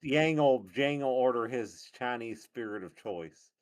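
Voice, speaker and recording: A man's voice: mid-range voice, expressive, unhurried, no echo. A man playing at a tabletop game, chatting casually and sounding unsure of himself. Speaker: player.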